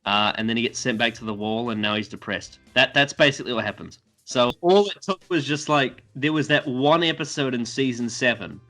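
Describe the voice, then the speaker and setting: A man in a casual podcast chat, rambling through a TV plot with lots of fillers and mocking quick impressions of the characters. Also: medium pitch, sharp tone, faint music behind.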